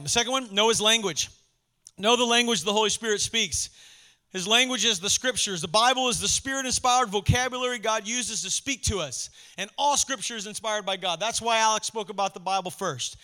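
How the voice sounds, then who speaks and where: A male pastor preaching a sermon in a conversational, passionate way, swinging from hushed lines to emphatic ones. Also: high-pitched.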